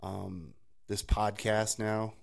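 Casting: low-pitched man, chatty podcast co-host, rambling, laughs a lot. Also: slow, vocal fry. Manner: rambling, laughs often, animated storytelling. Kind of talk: casual faith chat.

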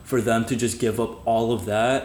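A man's voice: mid-range voice, fairly even intonation, normal speed, darkish tone. A young man from the Philippines co-hosting a podcast, speaking earnestly and reflectively with many fillers. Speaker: podcast co-host. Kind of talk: casual chat. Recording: roomy echo, light noise.

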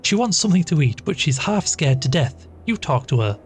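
A man reading aloud and voicing a brisk, practical country woman who urges others on. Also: low-pitched, big pitch swings, soft background music, voice pushed up. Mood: urging.

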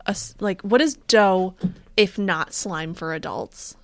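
A woman's voice: medium pitch, unhurried, no room sound. A woman co-hosting a podcast, riffing in a bubbly, goofy, exaggerated way in casual chat. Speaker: podcast co-host.

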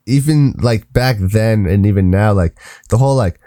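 A young man co-hosting a casual podcast, excitable and quick to jump in, with lots of filler words. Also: lowish voice, dry recording, studio quality. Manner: excitable, animated, filler-heavy. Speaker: podcast co-host. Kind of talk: casual chat.

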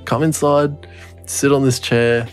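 A man's voice: mid-range voice, level tone, takes it slowly, soft background music. Rambling, swearing young man. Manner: rambling, swears a lot, laughs through his story. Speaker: podcast co-host. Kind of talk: casual storytelling chat.

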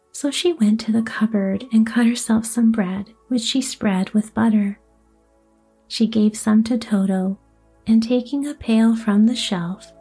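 A woman reads a storybook aloud in a soft voice that often sinks into a whisper. Her tone is mellow and breathy, set a little high. Faint music plays underneath. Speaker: audiobook narrator. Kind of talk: storybook narration.

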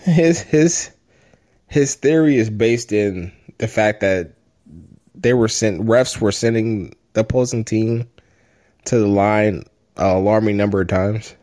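A man co-hosting a sports podcast in casual chat, animated and joking with frequent laughs. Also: on the low side, takes it slowly. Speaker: podcast co-host.

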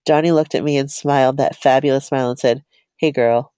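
A woman's voice: very deep voice, fairly even intonation, fast talker, warm tone, clean tone, no echo. A woman co-hosting a podcast, reading a personal story aloud in a chatty, giggly way.

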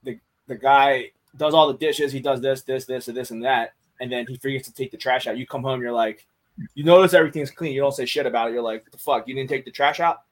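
Speaking fast at a medium pitch, a man chats openly on a podcast, cursing without restraint. He often starts sentences over and repeats words as he works out his thoughts. The audio is poor.

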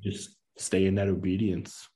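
A man in his thirties tells a personal story in a low, mellow voice. He speaks in earnest and acts out the lines of the people in it. His casual speech is full of fillers. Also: flat delivery, a little slow. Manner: earnest, acts out quoted dialogue, many fillers. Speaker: podcast guest.

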